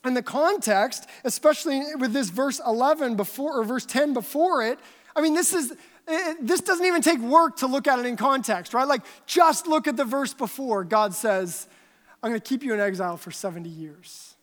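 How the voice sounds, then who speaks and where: High-voiced woman teaching the Bible. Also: moderate pace. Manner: animated, chatty storytelling. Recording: long hall reverb.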